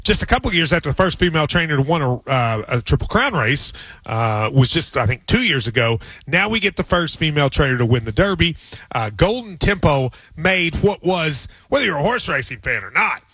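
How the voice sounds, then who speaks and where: Sports radio host, male, high and bright, teasing chatter, dry close mic. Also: big pitch swings, a little fast, breathy edge, no room sound. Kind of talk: casual radio chat.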